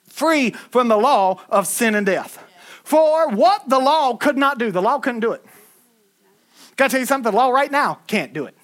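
High-voiced, fiery preacher man. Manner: animated, shouting at times, folksy asides. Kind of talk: sermon.

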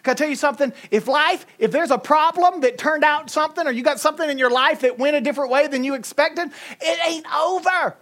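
A woman with a Southern US accent preaching a sermon, emphatic and humorous, swinging between loud and soft. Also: high-pitched, fairly quick. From Southern United States.

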